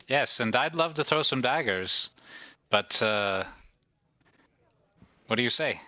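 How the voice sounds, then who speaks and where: A man's voice: medium pitch, expressive, slow pace, bright, forceful tone, no room sound. A man playing a tabletop game, joking and making puns, often in character. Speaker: player.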